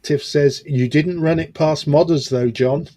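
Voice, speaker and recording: A man co-hosting a model-building stream, telling stories in a relaxed way and reading viewer comments. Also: fairly high pitch, a little slow. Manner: relaxed storyteller, laughs along.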